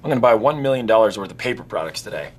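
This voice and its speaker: A man's voice: lowish voice, animated, very fast. An actor playing an indignant, pompous client who scolds a salesman over the phone.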